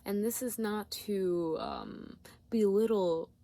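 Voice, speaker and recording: Gentle, searching woman reading tarot. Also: medium pitch, slow pace, dry recording. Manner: gentle, repetitive, searching phrasing with many fillers. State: yawning, tired. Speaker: tarot reader.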